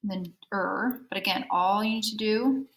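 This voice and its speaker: A woman's voice: medium pitch, a little fast, low-quality recording. A woman teacher walking second graders through a phonics worksheet, patiently explaining each step and checking in with "okay?". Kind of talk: phonics lesson walkthrough.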